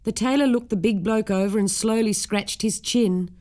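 A woman's voice: mid-range voice, moderate pace, mellow. Female storyteller, children's rhyme, lilting rhythmic read.

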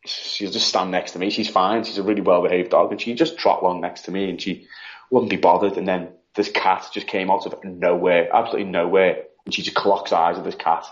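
A man with a British accent, a podcast guest telling stories in a casual, animated way, acting out quotes and saying "like" a lot. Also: low-pitched, fairly quick. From United Kingdom. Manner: animated, acts out quotes, frequent "like". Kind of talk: casual storytelling. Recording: dull lo-fi sound.

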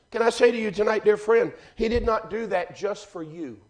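A man preaching a fervent sermon in church, building rhythmic refrains and swinging between loud and hushed. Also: high voice, moderate pace. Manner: fervent, rising and falling in volume, repeated refrains.

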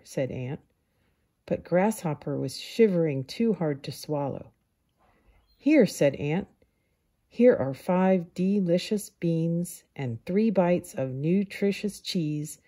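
Woman putting on a fussy male ant, fretful and exclaiming, raised pitch, husky storybook voice. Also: dark tone, heavily acted. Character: fussy hardworking male ant, anxious counter.

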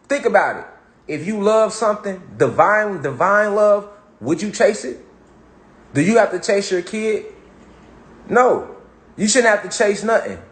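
In an echoey room, a man with a high, fairly bright voice delivers a relaxed motivational talk about spirituality. He's a spiritual talk host who speaks in street slang and repeats phrases to drive points home.

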